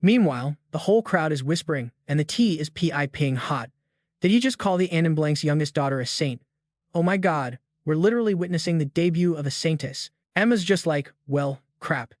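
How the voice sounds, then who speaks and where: A man narrates a story recap in a chatty, slangy voice that sits a little high. He talks straight to his listeners, like a friend passing on gossip. The recording is dry and close, with no room sound. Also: animated, fairly quick, no echo. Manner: chatty, slangy, addresses the audience directly.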